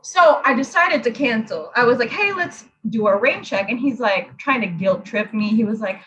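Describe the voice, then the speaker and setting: A woman in her twenties telling a story in casual chat, blunt, profane and animated. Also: a little high, normal speed, dull audio. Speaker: host.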